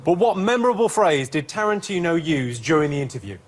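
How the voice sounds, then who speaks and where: A man hosting a comic quiz show, delivering deadpan one-liners. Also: fairly high pitch, fairly quick, a little hiss or hum.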